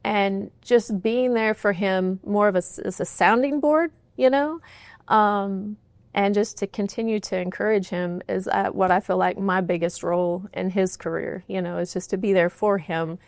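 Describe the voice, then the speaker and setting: A woman's voice: mid-range voice, fairly even intonation, moderate pace, no echo. A middle-aged woman answering interview questions in an earnest, candid way, often saying "you know", in a studio. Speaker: guest, horse trainer's wife and business partner.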